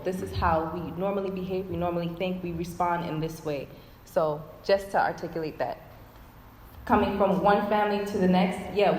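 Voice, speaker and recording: A woman giving a relationship talk in a calm, explanatory way. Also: fairly low pitch. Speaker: youth speaker. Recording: roomy hall reverb, faint noise.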